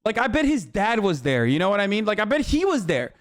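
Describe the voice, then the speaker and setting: A man's voice: high voice, huge pitch swings, quick pace. A man streaming a reaction to a documentary, ranting in a heated, profane, sarcastic way. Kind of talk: casual reaction commentary.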